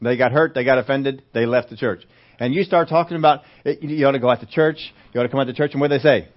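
A man's voice: mid-range voice, fast. A man preaching a sermon in a conversational way, often asking the congregation questions. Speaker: pastor. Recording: dull lo-fi recording.

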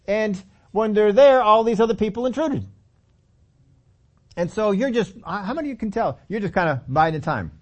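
High-voiced preacher, animated. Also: male voice, moderate pace. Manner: animated storytelling, acting out the disciples with humor; laughs often and asks the audience questions. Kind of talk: sermon.

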